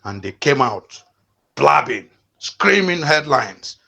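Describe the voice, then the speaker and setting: A fiftysomething channel host from eastern Nigeria speaks at a moderate pace in a medium-pitched, fairly bright voice. His fervent political commentary comes as repeated, fiery calls to rally, often broken up by fillers.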